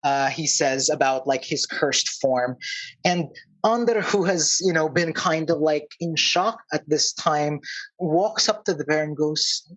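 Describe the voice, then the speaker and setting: A man narrating a tabletop game as game master, halting with many fillers. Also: fairly high pitch, fairly bright tone, rough recording.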